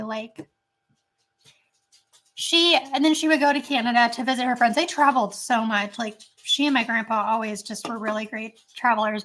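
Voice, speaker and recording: Bright high-voiced woman, chatty and rambling. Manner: chatty, rambling with many fillers. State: voice strained, not great right now. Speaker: channel host. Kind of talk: casual chat.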